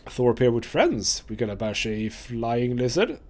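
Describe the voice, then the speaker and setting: A man's voice: mid-range voice, big pitch swings, a little slow, darkish tone. A man voicing a huge, dim-witted male brute warrior who talks in broken, simple speech. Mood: blunt.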